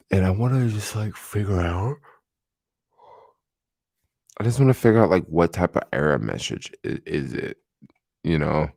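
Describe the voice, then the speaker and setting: A tired young man hosting a casual late-night livestream, rambling and relaxed with many fillers, talking into a desk microphone at home. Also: fairly low pitch, creaky, dry recording, clean studio sound. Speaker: livestream host. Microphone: desk microphone without headphones.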